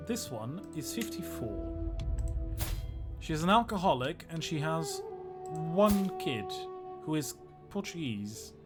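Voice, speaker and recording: Chatty, lively man streaming a game. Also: fairly high pitch. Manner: joking, chatty, talks to viewers. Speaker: historian streaming a strategy game. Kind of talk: casual livestream commentary.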